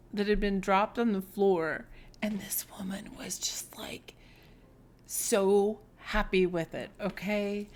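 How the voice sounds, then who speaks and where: A woman giving a spiritual tarot reading, telling a personal story in an earnest, heartfelt way and sometimes dropping to a soft whisper. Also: medium pitch. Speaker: tarot reader.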